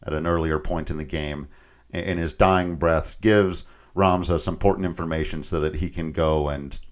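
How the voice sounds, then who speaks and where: A man's voice: rumbling low, fairly even intonation, moderate pace. A man co-hosting a podcast, casually retelling a video game story with frequent laughs and mock voices. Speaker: podcast co-host.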